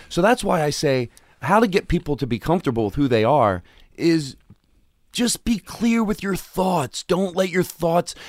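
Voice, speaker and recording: A man in his forties speaking as a guest in a candid talk, animated and profane, acting out quotes as he tells stories. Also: a little high, no room sound, clean studio sound. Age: 40s. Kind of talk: candid casual conversation.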